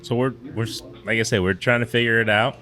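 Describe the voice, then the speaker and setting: A man's voice: mid-range voice, steady tone, quick pace, sharp tone, faint music behind. A man co-hosting a fishing podcast from a brewery, chatting casually with a rambling, laid-back manner. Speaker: podcast co-host. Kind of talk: casual chat. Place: brewery taproom.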